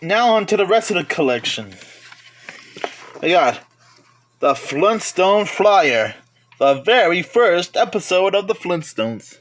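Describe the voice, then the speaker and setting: A man with a high, bright voice talks slowly through his collection at home. He names item after item in an unhurried, chatty way, often stopping to correct himself and add a side remark. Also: very animated. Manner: slow, chatty listing with self-corrections and asides. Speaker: collector vlogger. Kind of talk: casual show-and-tell of a collection.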